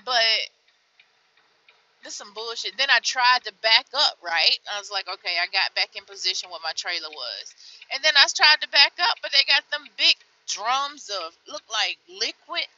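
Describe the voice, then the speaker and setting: A young woman trucker talks straight into her phone from inside the cab, tired and fed up, her bright, lively voice swinging between low mutters and loud outbursts. The sound is dry and a little dull, like lo-fi phone audio. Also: normal speed, no room sound. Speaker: truck driver vlogger. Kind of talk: venting vlog from the truck cab.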